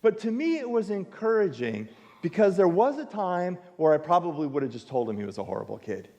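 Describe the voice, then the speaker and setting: Animated male pastor in a reverberant sanctuary. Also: high voice, fairly quick, dull audio. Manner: animated storytelling, acts out dialogue. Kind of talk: sermon. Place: church sanctuary.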